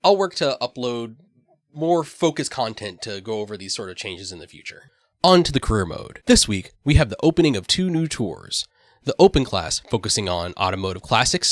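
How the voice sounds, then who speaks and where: A man's voice: lowish voice, a bit bright, no echo. A man hosting a weekly gaming recap, reading a scripted voice-over in a dry, matter-of-fact way with the odd wry aside. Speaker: gaming channel host.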